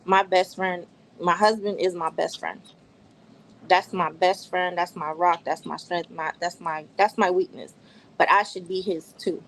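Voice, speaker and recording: A woman's voice: on the low side, fairly even intonation, unhurried, a little hiss or hum, low-quality recording. A woman on a podcast panel who speaks earnestly and repeats her points for emphasis. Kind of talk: casual podcast discussion.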